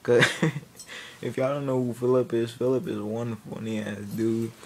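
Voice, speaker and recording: Guy rambling through a funny story, laughs a lot, trips over his words, middle pitched. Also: flat delivery, a little slow, creaky, dark tone, a little hiss or hum. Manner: rambling, laughing, self-interrupting. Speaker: vlogger. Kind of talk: comedic storytelling.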